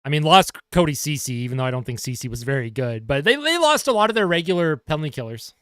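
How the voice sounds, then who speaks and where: Young man, live fan hockey play-by-play, excitable, bright forceful voice, a bit high, dry close sound. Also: fast, smooth, no room sound. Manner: excitable play-by-play, chatting with viewers between calls. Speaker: livestream host and hockey fan commentator.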